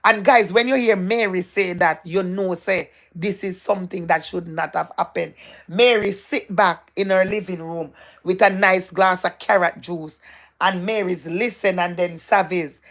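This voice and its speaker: Excitable woman host with a gravelly voice. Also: on the low side, unhurried. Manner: excitable, repetitive, gossipy, laughs often. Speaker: livestream host. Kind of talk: live chat reading out viewer comments.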